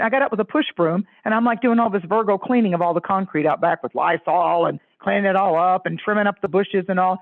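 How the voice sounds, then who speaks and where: A woman astrologer, a guest, telling stories in an effusive, animated way and leaping into high voices when she quotes others. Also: fast talker, hardly any pauses, no room sound. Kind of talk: animated storytelling chat. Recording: tinny phone-line audio.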